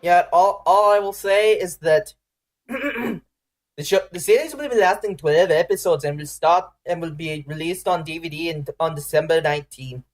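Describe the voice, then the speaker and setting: A man co-hosting a casual podcast, reading out news items in an unhurried, easily puzzled way. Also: a little high. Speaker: podcast co-host.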